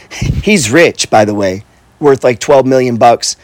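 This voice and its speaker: A man's voice: mid-range voice, measured pace, darkish tone, no echo. A middle-aged man, an investor and coach, giving a casual motivational talk. He is blunt and profane, repeats himself, and keeps asking "right?" and saying "bro.". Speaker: real estate investor and coach.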